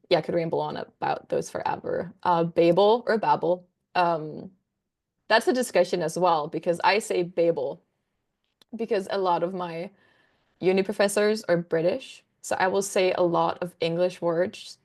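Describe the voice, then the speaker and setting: Gravelly low-voiced young woman. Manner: rambling, enthusiastic, many fillers. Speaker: book content creator guest. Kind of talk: casual conversational interview.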